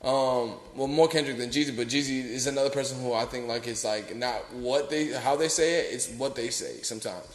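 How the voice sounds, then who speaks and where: Podcast co-host, casual and profane, mid-pitch, roomy echo. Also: male voice, brisk, hardly any pauses. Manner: loose, profane, talks over others.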